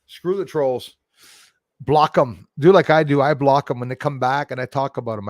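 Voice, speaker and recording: A man's voice: medium pitch, moderate pace, a little mellow, no room sound. A man hosting a live stream from a forest, talking casually to his chat in a blunt, profane, rambling way and laughing off critics. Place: outdoors in a forest.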